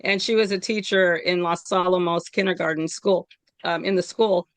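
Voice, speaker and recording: A woman in her fifties from the California Bay Area, a guest telling stories in a casual chat, animated and quick to laugh. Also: on the low side, no room sound. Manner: animated storytelling with laughs and acted quotes. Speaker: guest, local activist.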